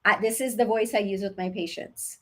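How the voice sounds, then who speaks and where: A woman who is a labor nurse, casually teaching expectant parents in a direct, animated coaching tone. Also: medium pitch, brisk. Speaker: labor nurse and childbirth educator.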